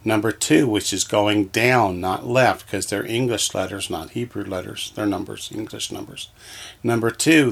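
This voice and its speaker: A man's voice: on the low side, normal speed, gravelly, fairly bright tone, slightly rough. A man teaching a reading lesson, patiently sounding out words one syllable at a time from a textbook.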